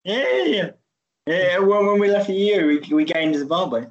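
A man's voice: sits high, normal speed, muffled recording. A man hosting a podcast, chatting casually and teasing, rambling with many restarts. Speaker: podcast host. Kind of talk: casual chat.

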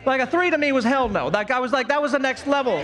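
A man's voice: extremely high pitch, fast, a bit bright. A male pastor preaching a sermon to his church, fervent and exclamatory with folksy asides. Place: church service.

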